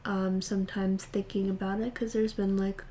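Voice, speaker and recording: A woman's voice: mid-range voice, flat delivery, moderate pace, mellow, a little hiss or hum. A young woman chatting casually and reflectively to camera, rambling with many fillers. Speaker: vlogger. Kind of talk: casual vlog chat. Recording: echoey room.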